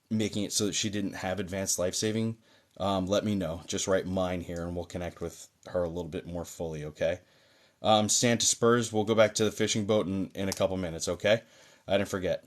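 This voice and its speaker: A man hosting a live-streamed mediumship session, talking chattily and reassuringly to viewers, with many fillers. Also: deep voice. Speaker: psychic medium host. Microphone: phone or desk mic on a live stream.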